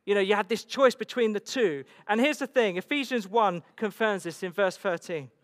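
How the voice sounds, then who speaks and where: In a church hall with long reverb, a pastor from England preaches in a high voice at a moderate pace. His sermon leans on repetition, emphasis and rhetorical questions.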